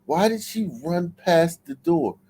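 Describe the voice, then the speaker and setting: A man's voice: high voice, measured pace, warm tone, slightly rough, rough recording. A male livestream host giving casual, profane, mocking reaction commentary.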